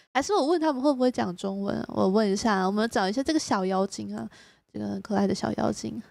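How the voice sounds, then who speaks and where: A woman from Taiwan, a native Mandarin speaker, hosting a casual live stream. She giggles often and speaks English slowly and carefully. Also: mid-range voice, creaky, a little mellow, no echo. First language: Mandarin Chinese. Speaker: streamer host.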